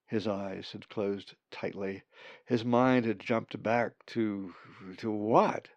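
Slow, gravelly male storyteller. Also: on the low side, steady tone, a little mellow, no room sound. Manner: slow, measured reading. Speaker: narrator. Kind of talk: storybook narration.

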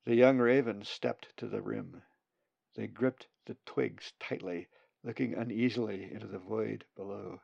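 A man reading a children's story aloud in an expressive, unhurried way. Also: on the low side, gravelly, no room sound, lo-fi sound.

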